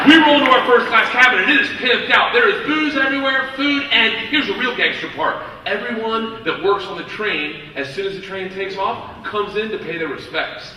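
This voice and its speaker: A man doing stand-up, telling a story loudly, swearing and acting out the people in it, recorded in a large venue with a live audience. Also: high-pitched, animated, normal speed, background noise. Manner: loud, rowdy, swearing, acts out characters. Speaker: stand-up comedian. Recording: echoey live hall, mic heard from far, loud crowd.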